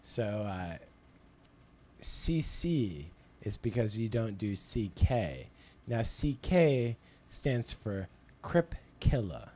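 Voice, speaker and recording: A man's voice: fairly low pitch, very animated, drawn-out words, mellow. A man who manages a comedy club, a podcast guest, teasing and explaining things at length in casual chat.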